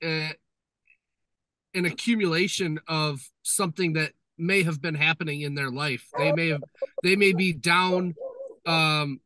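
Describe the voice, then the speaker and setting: A man's voice: on the high side, fairly even intonation, measured pace, bright, forceful tone, no room sound. A man co-hosting a firefighter podcast, explaining the job earnestly in casual chat.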